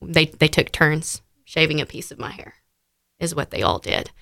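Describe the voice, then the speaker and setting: A woman's voice: low-pitched, lively intonation, moderate pace, gravelly, sharp tone, dry recording, clean studio sound. A woman, an interview guest sharing a personal story in heartfelt detail, with frequent fillers.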